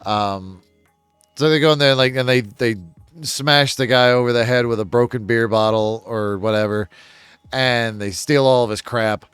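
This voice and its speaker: A man's voice: medium pitch, steady tone, moderate pace, a bit bright, clean tone, no room sound, faint music behind. A man giving a casual book synopsis on his channel, rambling with chuckles and self-deprecating asides. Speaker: book reviewer.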